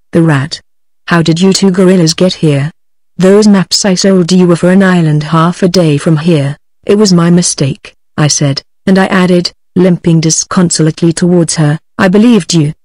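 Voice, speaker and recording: A computer-generated woman's voice with a British accent, reading a story aloud in an even, measured way. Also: lowish voice, no echo. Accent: British English. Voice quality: even, measured synthetic delivery. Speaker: audiobook reader. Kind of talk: synthetic audiobook narration.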